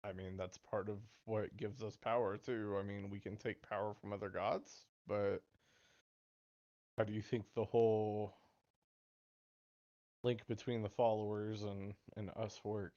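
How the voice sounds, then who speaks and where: A man voicing a weary ancient god who explains an old pact in a measured, matter-of-fact way. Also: fairly low pitch, little pitch movement, mellow, lo-fi sound, lightly acted.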